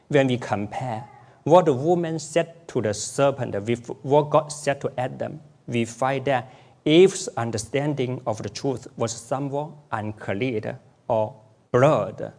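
Slow, deliberate male preacher. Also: medium pitch, a little mellow. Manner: deliberate, repeats key phrases for emphasis. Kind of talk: sermon.

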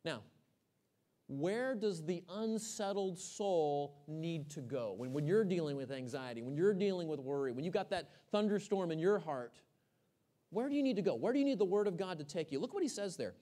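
A man from Texas preaching a sermon to his congregation. He swings from loud emphasis to hushed, almost whispered phrases, asks the room questions and often repeats words as he restarts a thought. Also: on the high side, lively intonation, moderate pace. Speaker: pastor.

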